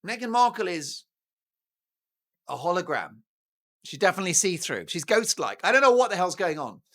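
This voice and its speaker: British male talk host, mocking and theatrical, lively swings in pitch, bright voice. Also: normal speed. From Britain. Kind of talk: opinionated news commentary.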